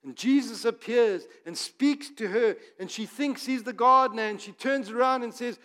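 High-voiced man preaching in echoing church. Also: normal speed, few pauses. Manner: swings from emphatic to hushed and soft. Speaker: pastor. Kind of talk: sermon. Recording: long reverb of a church hall.

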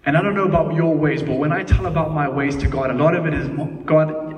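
A man in his thirties preaching a sermon, lively and laughing as he tells family stories. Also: a little high, quick pace, hardly any pauses, faint music behind. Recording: echoey hall, mic at a distance.

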